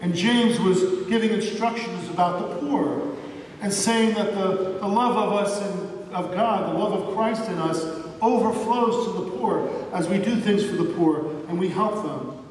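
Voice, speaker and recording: A man preaching a sermon as pastor, earnest, slowing down to stress key points. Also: high voice, darkish tone, slight background noise. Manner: earnest, slows down for emphasis. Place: church sanctuary. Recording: echoey church hall from far off.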